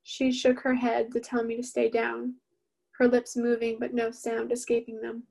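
A woman reading her own novel aloud in the first person, steady and even-toned. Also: fairly high pitch, moderate pace, creaky.

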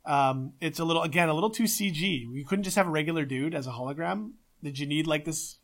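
A man co-hosting a casual podcast, talking in an excitable, emphatic way and swearing often. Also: a little high, fast. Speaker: podcast co-host.

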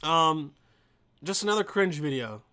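Brash, profane young man with a high voice. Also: animated, measured pace, pushed and bright, clear, resonant tone. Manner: profane, mocking, rambling. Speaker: vlogger. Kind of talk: casual commentary on videos.

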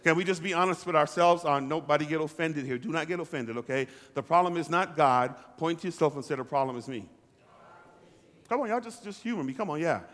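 A man's voice: a little high, fast, hardly any pauses, a bit bright, long reverb tail. A pastor preaching a sermon to his congregation, calling for responses and repeating lines for emphasis. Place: church hall.

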